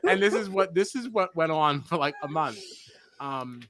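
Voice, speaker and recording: A man's voice: on the high side, moderate pace, a little hiss or hum. A man hosting a podcast, telling stories in casual chat with frequent laughter. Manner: animated, laughing storyteller. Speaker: podcast host.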